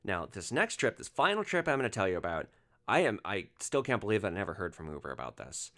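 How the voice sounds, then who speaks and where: A man hosting a podcast, telling a rideshare story in an animated monologue and acting out the passengers' lines. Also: on the low side, fast talker. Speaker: podcast host, former rideshare driver.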